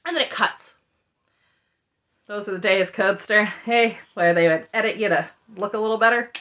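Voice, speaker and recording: A woman's voice: mid-range voice, moderate pace, fairly bright tone, dull audio. A woman recapping a reality show in casual commentary, sarcastic and exasperated. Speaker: recap vlogger.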